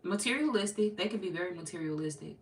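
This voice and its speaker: A woman's voice: fairly low pitch, expressive, fast, slight background noise. A woman giving a casual, chatty tarot reading to her viewers, laughing often and slipping into playful quoted voices. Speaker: tarot reader.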